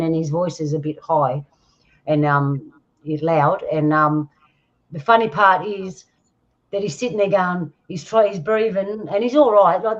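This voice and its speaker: A host chats and rambles through a funny story, laughing along the way. The voice sits at a middle pitch, and the recording sounds dull and lo-fi. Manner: chatty, laughing, rambling anecdote. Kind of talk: casual chat and storytelling.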